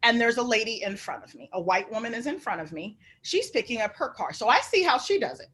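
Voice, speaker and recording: A woman from the American Midwest tells her stories with a lot of life, switching voices for the people in them. Her voice sits fairly high and sounds bright and sharp. It comes through a video call. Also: fast talker, slightly rough. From Omaha, Nebraska. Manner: lively, acts out voices in her anecdotes. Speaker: guest author. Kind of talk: animated storytelling on a video call.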